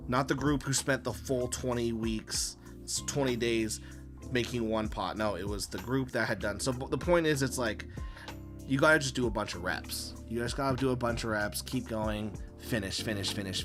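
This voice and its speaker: A man's voice: mid-range voice, normal speed, over music. A man hosting a casual live stream while he draws, rambling and swearing with many fillers and acting out his own quoted lines as he tells a story. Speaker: live-stream host and comic artist.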